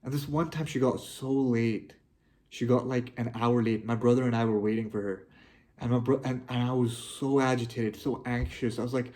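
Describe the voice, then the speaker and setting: A young man talking to his viewers, heartfelt and halting, often restarting his sentences. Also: mid-range voice, steady tone, a little mellow. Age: young adult. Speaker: vlogger. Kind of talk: personal reflective monologue.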